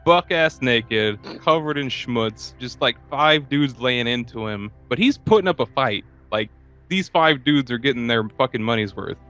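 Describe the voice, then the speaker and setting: A man's voice: medium pitch, animated, measured pace, pushed and bright, faint music behind. A man co-hosting a movie podcast, joking and laid-back, swearing casually. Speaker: podcast co-host.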